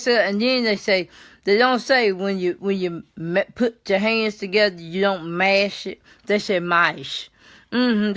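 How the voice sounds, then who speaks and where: Tired older lady chatting on her vlog, folksy and slow, lots of mm-hmm and yes sir, middle pitch. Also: a bit bright. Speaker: vlog host. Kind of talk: folksy monologue on slang.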